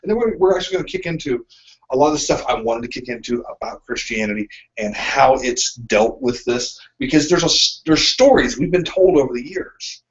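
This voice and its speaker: A man's voice: medium pitch, fairly quick. Male co-host, casual rambling explainer, mid-range voice, dull lo-fi recording. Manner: rambling, animated explainer with frequent ums. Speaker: podcast co-host. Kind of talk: casual discussion. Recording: dull lo-fi sound.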